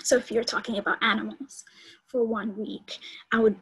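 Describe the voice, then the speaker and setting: Breathy woman college instructor. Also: on the high side, fairly even intonation, normal speed, a bit bright, low-quality recording. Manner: explanatory, gives instructions to students. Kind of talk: recorded online lecture.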